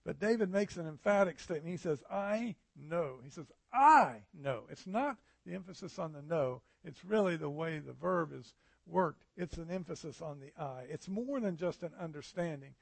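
A man's voice: fairly high pitch, normal speed, vocal fry, a little mellow, dry recording. A man, a pastor, preaching an earnest, conversational sermon with frequent fillers.

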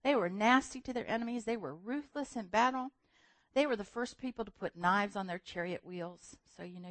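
Lively woman preaching a sermon. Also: fairly low pitch, no room sound. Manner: lively storytelling, acting out voices with laughs.

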